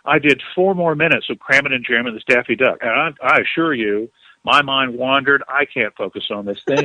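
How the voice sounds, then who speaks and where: A man, a guest author, telling a story in an interview with animated delivery, acting out quotes. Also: mid-range voice, a little fast, a little hiss or hum, poor audio.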